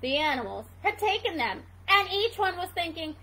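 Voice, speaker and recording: A woman's voice: very high voice, sing-song, moderate pace, bright, forceful tone, poor audio. A woman reading a picture book aloud to children, asking playful questions about the pictures. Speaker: reader for children.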